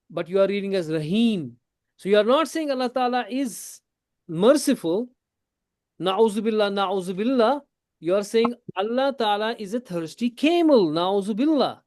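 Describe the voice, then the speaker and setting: A man's voice: high-pitched, a little mellow, no echo, studio quality. Man teaching a class, switching into Hindi. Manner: explains slowly with repeated questions, mixing English with Hindi. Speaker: tajweed teacher. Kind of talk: classroom lesson.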